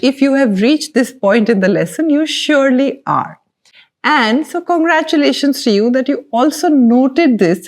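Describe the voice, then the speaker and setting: Young woman teacher doing a grammar lesson, super expressive pitch, slow and careful, kinda playful. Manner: lively, playful teacher talk, stretches key words. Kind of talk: exam-prep grammar lesson.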